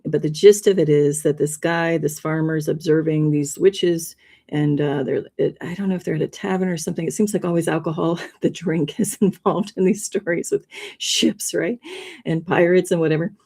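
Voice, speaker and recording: A woman's voice: low-pitched, fairly even intonation, moderate pace, mellow. A woman hosting a livestream, talking casually and rambling a bit, with frequent laughs. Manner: rambling, chatty, laughs often. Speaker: livestream host. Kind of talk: casual presentation.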